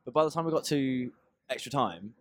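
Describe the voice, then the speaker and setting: A man's voice: mid-range voice, animated, a little fast, fairly bright tone, no echo. Young guy cohosting a podcast, jokey and chatty, dead dry mic. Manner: chatty, jokey, laughs often. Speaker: podcast co-host. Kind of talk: casual podcast chat.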